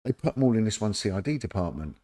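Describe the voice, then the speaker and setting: A middle-aged ex-detective from London talks fast in a voice on the low side. On a podcast, in a casual interview, he shares animated anecdotes and acts out the people in them.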